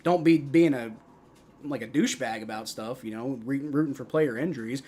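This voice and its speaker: A young man hosting a live football stream, mixing play-by-play calls with casual, profane replies to his chat, loud on big plays and mumbling in between. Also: mid-range voice, moderate pace. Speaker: livestream host doing play-by-play.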